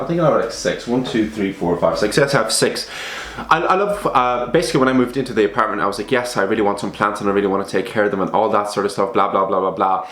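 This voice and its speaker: A man's voice: lowish voice, a bit bright, echoey room. A young man chatting casually to the camera at home, rambling and poking fun at himself. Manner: chatty, self-mocking, rambling. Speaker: vlogger. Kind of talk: casual vlog chat. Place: apartment at home.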